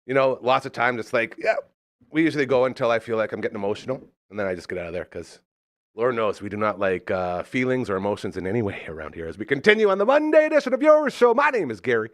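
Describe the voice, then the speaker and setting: Lively, effusive man hosting. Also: fast, dry recording, clean studio sound. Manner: effusive and upbeat, with big swings in pitch. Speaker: radio show host. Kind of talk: casual chat.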